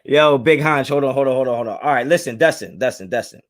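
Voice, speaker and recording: A young man hosts a live sports fan talk show, arguing heatedly with chat and repeating himself to press his point. He speaks at medium pitch and a quick pace.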